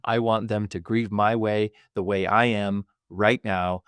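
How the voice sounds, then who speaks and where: A man hosting a podcast, speaking in a measured, reflective way with small hesitations. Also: lowish voice, steady tone, clean tone, dry recording. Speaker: podcast host. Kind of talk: reflective conversation.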